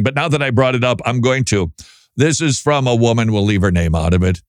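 A man's voice: on the low side, expressive, fairly quick, no room sound, studio quality. A middle-aged man hosting a casual Christian talk show, chatty with wry asides, sometimes stumbling over his words. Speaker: podcast host.

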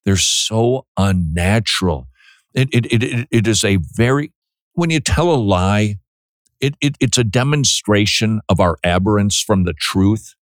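A man's voice: lowish voice, animated, a little slow, no room sound, clean studio sound. A man hosting a Christian call-in radio show, earnest and preachy, stumbling through restarts and breaking into jokes now and then. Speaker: radio host.

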